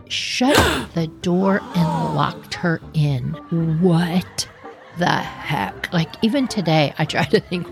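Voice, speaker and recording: Woman, middle-aged, casual storytelling, animated, acts out voices, soft background music. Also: creaky. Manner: animated, acts out voices with big pitch jumps. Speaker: podcast storyteller.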